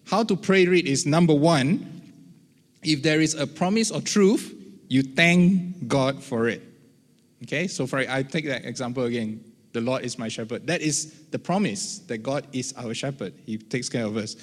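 A man gives an informal church teaching, pausing to check in with his listeners and stepping into quiet spoken prayers to show what he means. His voice is of middling pitch and carries a long reverb from a large hall. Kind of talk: conversational sermon teaching.

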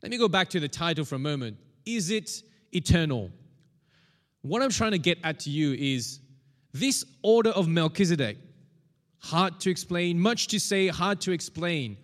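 A man's voice: fairly high pitch, lively intonation, normal speed, in a large hall. A man preaching a sermon as pastor, emphatic and repetitive, leading the congregation to repeat key phrases after him.

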